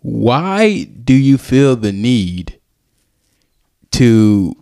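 A man in hosts a relaxed podcast conversation. His voice is lively and swings widely in pitch, leaping high on questions. He talks in a loose, rambling way. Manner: loose, rambling, quick jumps in pitch when asking. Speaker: podcast host. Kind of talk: casual chat.

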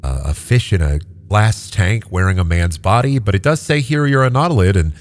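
A man runs a tabletop game and narrates every scene himself. His low voice rises and falls widely, and he keeps stopping for fillers and restarts. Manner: lively, halting with many fillers. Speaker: game master.

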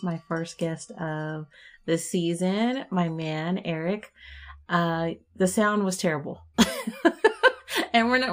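A young adult woman hosting a casual podcast and doing a tarot reading, chatty and quick to laugh. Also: medium pitch. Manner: chatty, laughs often, relaxed and warm-hearted. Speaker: podcast host and tarot reader.

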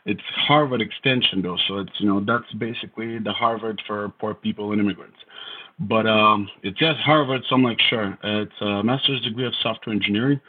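A man's voice: on the low side, steady tone, brisk, slightly rough, phone-quality sound. A Bulgarian man in his thirties with a Bulgarian accent, a podcast guest telling his story in a wry, self-deprecating way. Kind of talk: casual storytelling interview.

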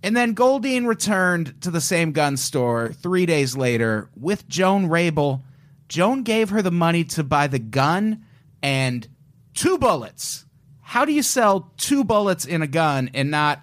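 A man co-hosting a podcast, telling a crime story in a casual, joking way. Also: on the high side. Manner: joking, storytelling, puts on an old-timey voice at times. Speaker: podcast co-host.

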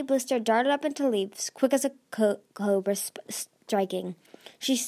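A woman's voice: on the high side, darkish tone. A woman reading a dragon fantasy novel aloud as an amateur narrator, with frequent slips and restarts.

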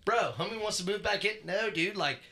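A casual man on a podcast with a very bright, cutting tone. He swears constantly and tells stories with a lot of energy, and his voice rises into near-shouts when he gets worked up. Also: high voice, brisk. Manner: profane, animated storyteller who shouts when excited. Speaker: podcast co-host. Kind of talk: casual chat.

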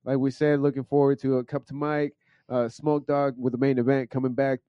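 Chill stoned podcast dude cussing and repeating himself, lo-fi dry mic. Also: male voice, mid-range voice, little pitch movement, a little fast, dark tone, clear, resonant tone, dry recording. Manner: laid-back, swears often, stumbles and repeats words. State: high from smoking. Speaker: podcast co-host. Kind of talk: casual chat. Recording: dull dry lo-fi sound.

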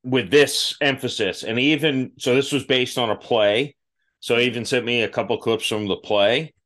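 A man's voice: mid-range voice, moderate pace, a bit bright. A man hosting a podcast, telling acting stories in a casual, self-deprecating way and laughing at himself. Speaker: podcast host. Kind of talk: casual interview chat.

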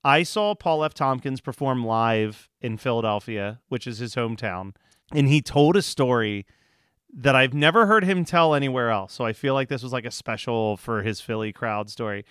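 A man's voice: mid-range voice, animated, moderate pace, a bit bright, smooth, no echo, clean studio sound. A man co-hosting a podcast, recapping a TV episode and telling rambling stories full of fillers. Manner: rambling storyteller with lots of fillers. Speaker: podcast co-host. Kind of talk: casual chat recapping a TV episode.

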